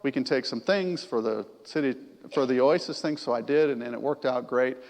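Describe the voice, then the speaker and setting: A man's voice: mid-range voice, brisk, darkish tone. Reverberant conversational preacher, a man. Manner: conversational, asks the congregation questions. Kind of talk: sermon. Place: church sanctuary. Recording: long church reverb.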